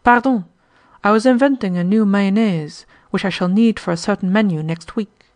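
A woman's voice: mid-range voice, moderate pace, a little mellow, lightly acted. A woman voicing a vain, grand male master chef who talks with lofty self-assurance in an audiobook reading. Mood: startled, apologetic.

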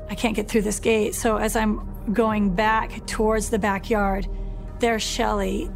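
A woman's voice: mid-range voice, gravelly. A woman telling the story of a violent attack she survived, speaking earnestly in a documentary interview. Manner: earnest, reliving events, with plain spoken retelling.

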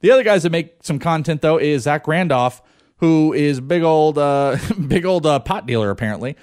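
A man's voice: on the high side, lively intonation, normal speed, darkish tone, no echo, studio quality. A man hosting a casual sports talk show who teases and jokes in banter. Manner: joking, teasing banter.

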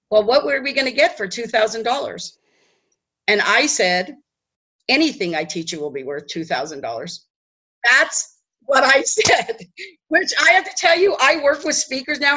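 A woman telling a personal story in a chatty, animated way, often checking in with her listeners. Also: fairly high pitch, rough recording. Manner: chatty, animated, tag questions. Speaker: host. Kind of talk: storytelling talk.

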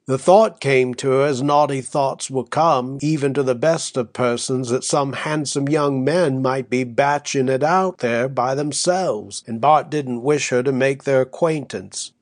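A male narrator reads an old-fashioned story in a measured, even manner. His pitch sits right in the middle, and the recording is dry and close with no room sound. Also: dry recording. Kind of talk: scripted audiobook narration.

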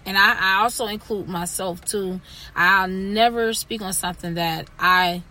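A woman hosting a casual podcast chat, talking in an animated way with lots of fillers and restarts. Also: mid-range voice, poor audio. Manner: animated, halting with many fillers. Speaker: podcast host.

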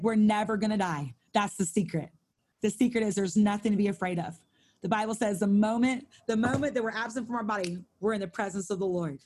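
A woman's voice: mid-range voice, a little mellow. A woman leading a Bible study prayer over a video call, earnest and fervent, often repeating her phrases.

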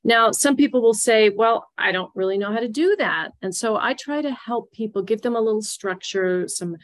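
A woman guest on a podcast interview, explaining grief support in an earnest, gently instructive way. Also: fairly high pitch, normal speed. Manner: earnest, gently instructive, repeats key phrases. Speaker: grief guide.

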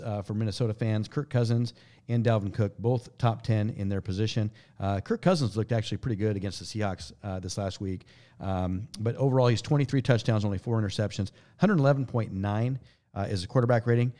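Brisk low-voiced man hosting sports talk. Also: dark tone. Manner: brisk, stat-heavy, moves the show along. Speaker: sports podcast host. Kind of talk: casual sports chat, running the segment.

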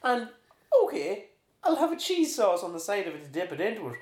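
A man's voice: high voice, big pitch swings, brisk, a little mellow. A man in his thirties with an Irish accent, telling profane, rambling anecdotes in casual chat as a podcast co-host. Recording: roomy echo.

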